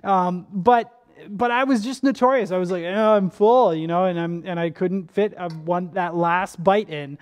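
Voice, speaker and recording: A young male pastor giving a sermon in a relaxed, conversational, storytelling way, often restarting his sentences. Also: high-pitched, moderate pace, clean tone.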